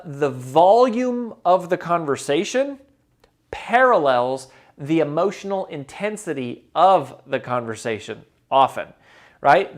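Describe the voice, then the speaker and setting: A man giving advice as a motivational speaker, emphatic and repeating key phrases, moving between loud and soft delivery for effect. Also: on the high side. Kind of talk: direct-to-camera advice talk.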